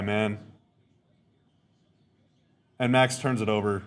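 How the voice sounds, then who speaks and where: A man's voice: mid-range voice, measured pace, pauses often. A man hosting a podcast, giving casual live reactions to a game, rambling, repeating himself and stating blunt opinions. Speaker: podcast host.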